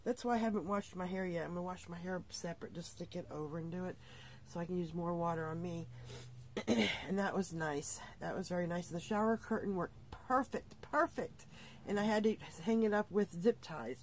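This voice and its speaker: A woman's voice: lowish voice, fairly quick, a little hiss or hum. A middle-aged woman telling a rambling travel story to her vlog audience from her RV, tired at the end of the day, laughing often and acting out the people she quotes. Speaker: vlogger. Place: inside her RV.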